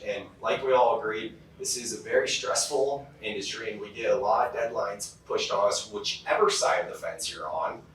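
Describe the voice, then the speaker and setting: Heard distantly in a strongly reverberant hall, a man from California gives a motivational keynote. He tells his stories casually, with plenty of fillers, in a lowish, slightly bright voice.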